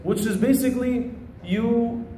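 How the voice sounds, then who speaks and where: High-voiced man teaching in an echoey room. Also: unhurried, slight background noise. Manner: conversational, storytelling, animated. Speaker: Islamic teacher. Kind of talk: religious lesson.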